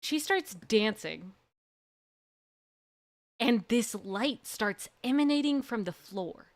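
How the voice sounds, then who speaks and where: A woman streamer casually retelling a long dream story, full of "like" and slow dramatic pauses. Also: fairly high pitch, animated.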